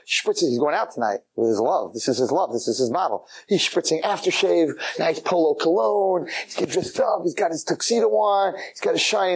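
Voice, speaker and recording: Husky-voiced rabbi acting out a story, very animated, big swoops in pitch. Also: male voice. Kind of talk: storytelling lecture.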